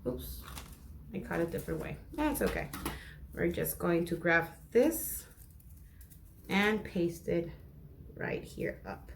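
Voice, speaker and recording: Slow, encouraging woman teaching young kids. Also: lowish voice, big pitch swings, gravelly, slight background noise. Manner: encouraging, speaks to young children, imitates animal sounds. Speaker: first grade teacher. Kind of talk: remote class lesson, crafts and read-aloud.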